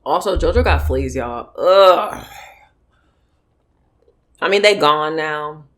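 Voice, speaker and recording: A woman's voice: deep voice, animated, moderate pace, a bit bright. Blunt young woman chatting between bites. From California. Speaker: mukbang vlogger. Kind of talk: casual eating vlog chat.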